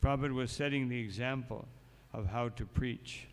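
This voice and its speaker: In a temple hall, a monk speaking at a moderate pace in a mid-range voice gives his morning sermon through storytelling. He reads passages aloud before adding asides, and the sound reverberates as in a long, echoing hall.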